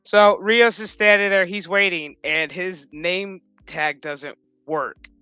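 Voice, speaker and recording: A man with a slightly high, bright, forceful voice gives a loose, foul-mouthed recap of a TV episode, wandering off track and chuckling along the way. The sound is close and dry, with faint music running underneath. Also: takes it slowly, smooth, dry recording. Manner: rambling, profane, laughs often. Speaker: streamer. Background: background music.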